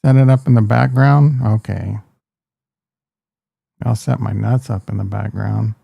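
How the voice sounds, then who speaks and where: A man's voice: fairly low pitch, steady tone, measured pace, gravelly, dark tone, husky, no room sound. A man hosting a live stream, talking in a crude, joking, rambling way. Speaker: host. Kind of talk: casual live-stream chat.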